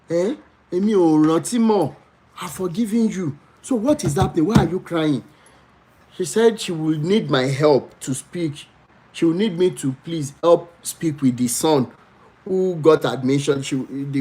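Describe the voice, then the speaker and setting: Nigerian man telling a story live. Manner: pleading, animated storytelling with dramatic pitch swings. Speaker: livestream host.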